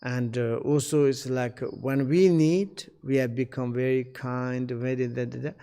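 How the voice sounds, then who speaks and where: A male spiritual teacher speaks slowly in broken, searching English. His voice sits at an ordinary middle pitch and he pauses often, clearing his throat. The sound carries a long reverb tail. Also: steady tone, dark tone. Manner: halting non-native English, searching for words; unhurried, frequent fillers and throat-clearing. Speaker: Buddhist teacher.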